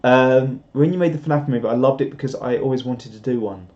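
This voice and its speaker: Guy rambling on a live stream, mellow and warm, kinda dull lo-fi audio. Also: mid-range voice, a little fast. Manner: rambling, self-deprecating, full of restarts. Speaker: live streamer reading viewer chat. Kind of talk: casual live-stream chat.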